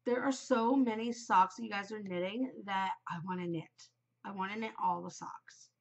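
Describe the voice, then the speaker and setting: A woman's voice: mid-range voice, creaky, a bit bright, muffled recording. A woman in her forties hosting a knitting podcast in an upbeat, chatty way, her nose a bit stuffed from a cold. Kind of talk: casual chat.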